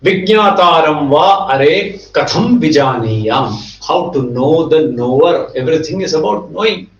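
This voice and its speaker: A man with a fairly high voice gives a spiritual lecture, explaining ideas and reciting Sanskrit verses at speed. He sounds set back from the microphone in a reverberant room. The recording is muffled and lo-fi. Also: expressive, far from the mic. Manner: explanatory, quotes and chants Sanskrit verses rapidly. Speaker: Vedanta teacher.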